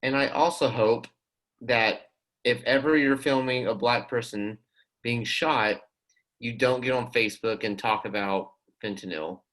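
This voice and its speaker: A man with a middle-pitched voice co-hosts a casual podcast. He talks in a sardonic, joking way, with a relaxed and profane delivery. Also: measured pace, low-quality recording. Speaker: podcast co-host.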